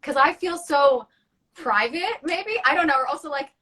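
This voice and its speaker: Woman, host, bubbly, chatty, very animated pitch, live-stream chat. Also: normal speed. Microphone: phone or computer mic on a social media live.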